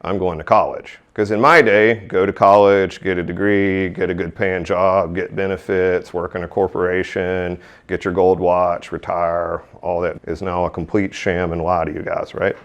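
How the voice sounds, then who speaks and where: A man's voice: low voice, level tone, normal speed, hardly any pauses, smooth, lo-fi sound. A man in his fifties from the American South, telling his career story in a blunt, irreverent way with mild swearing. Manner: blunt, irreverent, mildly profane. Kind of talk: casual storytelling monologue.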